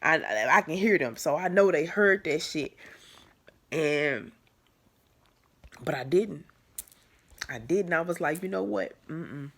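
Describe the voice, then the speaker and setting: A woman's voice: low-pitched, slow pace, long pauses, husky. A woman telling a painful personal story to camera in a casual, candid way, full of fillers and restarts. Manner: conversational, many fillers and restarts, swings from soft to emphatic. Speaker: vlogger.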